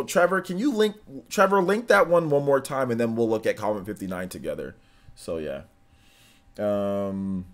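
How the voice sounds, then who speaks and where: A man hosting a casual livestream, talking straight to his viewers, reading their comments and laughing often. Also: medium pitch. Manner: chatty, laughs often, answers viewers directly. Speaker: livestream host reading chat. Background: faint game music.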